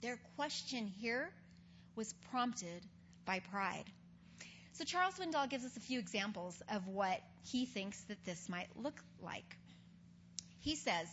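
A woman's voice: mid-range voice, measured pace, a bit bright. A woman giving a conversational Bible teaching, earnestly retelling scripture stories in everyday speech. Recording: dull recording with faint hum.

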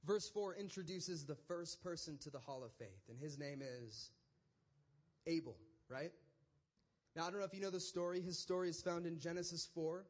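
A young male preacher with a light, high voice, telling his sermon like a chat with friends. He keeps it casual and animated, tossing in "like" and "right?" as he goes. His pace jumps between quick bursts and slower, stressed points. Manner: casual, conversational, animated storytelling with frequent "like" and "right?".

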